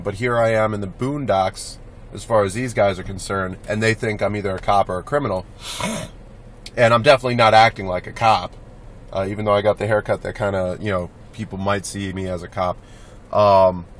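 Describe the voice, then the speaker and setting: A man's voice: lowish voice, slight background noise. A young man talking casually in a rambling, blunt vlog monologue, swearing freely. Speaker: vlogger.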